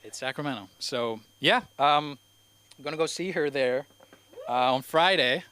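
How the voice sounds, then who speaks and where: A man's voice: a little high, measured pace, pushed and bright. Rambling young man with faint Spanish accent. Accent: slight Spanish accent. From Spain. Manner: rambling, hesitant, lots of fillers. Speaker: first-time open mic comedian. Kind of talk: stand-up comedy. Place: comedy club stage.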